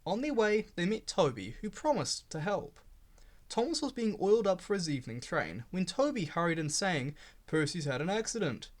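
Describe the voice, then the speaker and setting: A man's voice: high voice, very animated, normal speed. A man reading a children's railway storybook aloud, giving the characters voices. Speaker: storybook reader.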